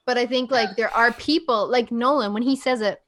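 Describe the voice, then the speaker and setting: A woman's voice: a little high, steady tone, normal speed, fairly bright tone. A woman who grew up in South Africa, co-hosting a casual podcast chat and speaking frankly and emphatically, with casual swearing.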